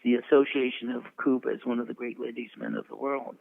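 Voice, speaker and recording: A veteran publicist in his eighties, appearing as a guest, tells long, wandering show-business anecdotes in an interview, chuckling throughout. His deeply gravelly voice is full of fry, swings hugely in pitch and moves fairly quickly, all heard over a tinny, phone-like line.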